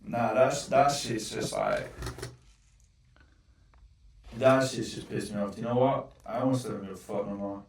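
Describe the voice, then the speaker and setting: A man's voice: lowish voice, unhurried, pauses often, far from the mic. A young man giving live trading commentary, swearing often and growing frustrated. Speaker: trading vlogger. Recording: roomy, off-mic echo.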